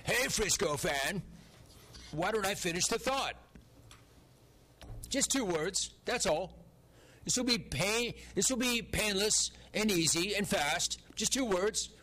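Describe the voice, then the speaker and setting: Male ad announcer, pushy hard-sell read, bright and fairly high. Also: animated, takes it slowly, long pauses. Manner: urgent, insistent, repeats the offer.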